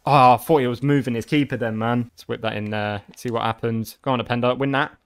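A young man giving live commentary over a football video game, swearing and reacting loudly. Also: medium pitch, fairly quick, smooth. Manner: excitable, swears often, shouts at big moments. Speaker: gaming video creator.

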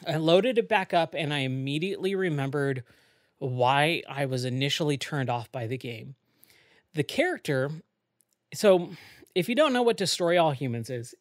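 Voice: medium pitch, no room sound, clean studio sound. A podcast host talking casually on their own, rambling with lots of fillers and self-corrections. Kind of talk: casual solo podcast talk.

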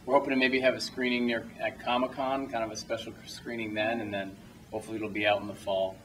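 A man's voice: on the low side, little pitch movement, quick pace, a bit bright, recorded from a distance, slight background noise, poor audio. A young man answering audience questions after a film screening, telling loose anecdotes, restarting sentences and laughing often. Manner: rambling, self-interrupting, laughs often. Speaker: filmmaker at a screening Q&A. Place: cinema auditorium, small audience.

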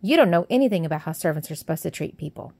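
A woman's voice: fairly low pitch, expressive, rapid-fire, a little mellow, husky, dry recording. Woman doing a haughty spoiled little girl. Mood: enraged. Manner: haughty, cold and demanding.

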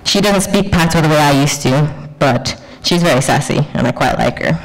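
A woman curator presenting a conference paper in a measured, poetic way, with deliberate pauses. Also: sits low, lively intonation, rough recording. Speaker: curator and researcher.

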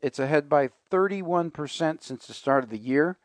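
Male radio host, slightly high voice, dry studio sound, chatty finance talk with asides. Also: expressive, normal speed, no room sound. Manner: chatty, conversational, with fillers and asides.

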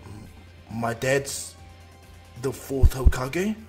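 A man's voice: mid-range voice, expressive, very slow, music in the background. A man doing a cocky young ninja. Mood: surprised. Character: young male ninja hero, confident and defiant.

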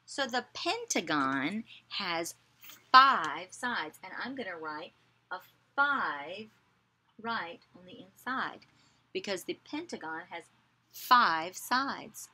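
A woman teaching young children, slowly saying words for them to repeat and praising them with encouragement. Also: on the low side, very animated, bright, forceful tone, husky. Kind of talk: children's lesson, call and response.

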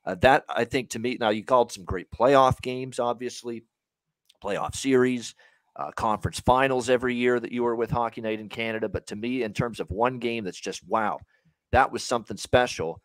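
A man hosting a sports podcast, talking in an emphatic, opinionated way that swings loud and soft. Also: medium pitch, steady tone, moderate pace, no echo. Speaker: podcast host. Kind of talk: casual sports podcast chat.

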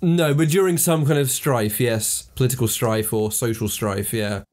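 A man's voice: mid-range voice, moderate pace, a little mellow. A man co-hosting a podcast, tossing in playful, jokey asides in casual chat. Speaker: podcast co-host. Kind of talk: casual improvised brainstorming chat.

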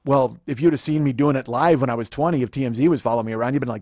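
A man in his forties hosts a comedy podcast, talking very fast in a medium-pitched, slightly mellow voice. In this casual comedic chat he rants in a rambling, profane way and mocks people with put-on quotes, recorded on a close studio microphone with no echo at studio quality.

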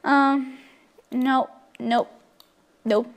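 Excitable high-voiced woman gaming. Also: drawn-out words. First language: Korean. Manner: excitable, gushing, many fillers. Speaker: let's play host. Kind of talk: casual gameplay commentary.

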